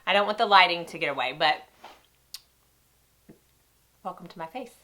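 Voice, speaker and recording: Lady makeup vlogger, stuffy nasal voice, lowish but bright and forceful, chatty. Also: lively intonation, moderate pace. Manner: chatty, talks straight to viewers. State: stuffy nose from sinus cold. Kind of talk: casual beauty review and demo.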